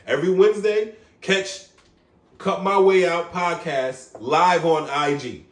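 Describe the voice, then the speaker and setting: A young New York man who talks in an animated, swearing rush, forever checking "you get what I'm saying". His voice sits a little high for a man. It is recorded on a phone set back in a small echoey room. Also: slow, recorded from a distance. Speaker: barber vlogger. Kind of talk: casual vlog rant.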